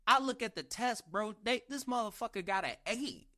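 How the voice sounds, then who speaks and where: A man tells stories on a casual podcast in a bright, forceful voice that climbs and swoops as he gets emphatic. He swears freely and punches his points. The sound is dry and close, with no room around it. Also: high voice, normal speed, no room sound. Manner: animated, profane, emphatic storytelling. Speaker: Marine recruiter, podcast host. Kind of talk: casual storytelling chat.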